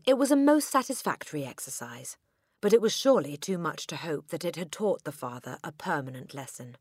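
A woman narrating a children's storybook in a crisp, expressive reading. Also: low voice, fairly quick, no room sound, studio quality. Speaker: audiobook narrator.

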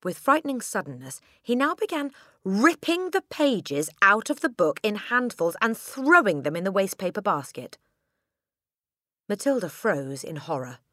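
A woman narrating a children's storybook in a crisp, expressive reading. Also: medium pitch, moderate pace, no room sound, clean studio sound. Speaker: audiobook narrator.

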